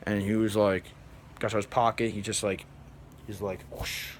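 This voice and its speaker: Young man telling an animated story. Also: fairly low pitch, normal speed, a little hiss or hum. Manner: animated, rambling, acts out others in flat mumbles. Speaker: vlogger. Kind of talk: casual storytelling to camera.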